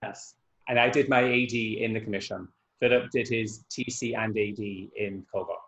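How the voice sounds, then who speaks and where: A man's voice: fairly low pitch, steady tone, moderate pace, fairly bright tone, low-quality recording. A man, an Irish dance teacher, chatting in an interview and telling anecdotes over a video call. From Scotland. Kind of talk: casual interview chat.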